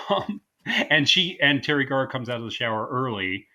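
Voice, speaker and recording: A man co-hosting a podcast in casual chat, animated and quick to act out movie lines in put-on voices. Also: mid-range voice. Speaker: podcast co-host.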